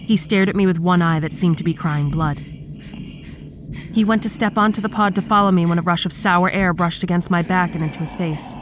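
A woman narrating a horror story in a steady, measured storytelling manner. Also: on the low side. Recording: clear background noise.

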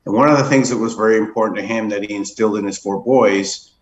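Male guest, low-pitched, hesitant, echoey room sound. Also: lo-fi sound. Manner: modest, halting, many "uh" pauses. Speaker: donor family member guest. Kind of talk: radio interview. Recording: roomy echo.

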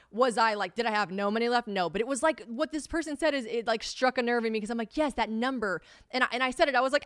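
A young adult woman hosting her own podcast, chatting casually, swearing freely and acting out quoted conversations with big jumps in pitch. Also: expressive, fast, few pauses, a bit bright, dry recording, studio quality. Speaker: podcast host. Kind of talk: casual solo podcast chat.

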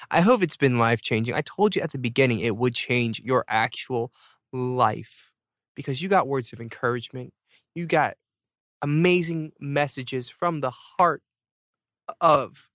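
A man's voice: medium pitch, a bit bright, no room sound, clean studio sound. A man in his thirties hosting a podcast, rambling and joking about himself while jet-lagged and tired. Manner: rambling, self-mocking, jokey. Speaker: podcast host. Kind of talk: casual chat, show outro.

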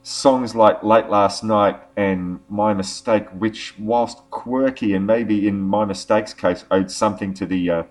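A man's voice: on the low side, steady tone, measured pace, hardly any pauses. A man hosting a music podcast in casual, rambling chat. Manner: rambling, many fillers and restarts. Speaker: podcast host.

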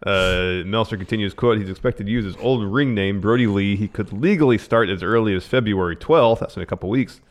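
Man, laid-back co-host, reads news aloud, casual, low voice. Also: a little fast, few pauses. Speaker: podcast co-host.

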